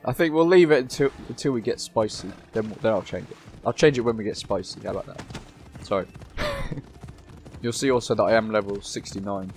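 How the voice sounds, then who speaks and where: A man's voice: lowish voice, wildly swooping pitch, fairly quick, faint music behind. A man giving casual, joking gameplay commentary, swearing freely as he plays. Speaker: gameplay YouTuber.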